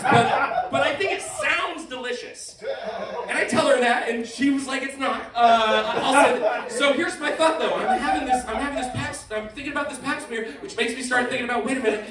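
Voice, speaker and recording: A young man doing a stand-up set, rambling and interrupting himself, swinging from mumbles to shouts. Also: very high voice, roomy sound, far from the mic, low-quality recording. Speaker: stand-up comedian. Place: comedy venue with live audience.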